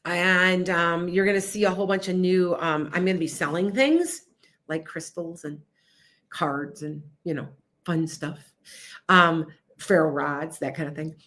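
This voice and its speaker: A woman's voice: on the low side, measured pace, fairly bright tone. Chatty woman hosting a livestream. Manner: chatty, scattered, emphatic and insistent. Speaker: livestream host, psychic reader. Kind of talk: casual livestream chat. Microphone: streaming setup.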